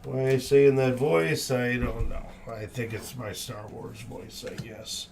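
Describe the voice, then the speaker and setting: A man's voice: medium pitch, fairly even intonation, a little slow, creaky, background noise. A man hosting a live card break stream, reading out each card with upbeat, cheerful exclamations.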